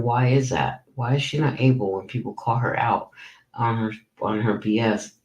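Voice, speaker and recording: A man's voice: on the low side, roomy sound, poor audio. Worn-out man ranting with heat. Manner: animated, profane, incredulous ranting. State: tired. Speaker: commentary channel host. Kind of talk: casual ranting commentary.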